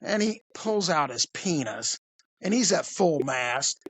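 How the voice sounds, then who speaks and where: A man, a police officer, telling a crude story in an animated, conversational way. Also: fairly high pitch, slow, breathy edge, no echo. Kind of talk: casual storytelling.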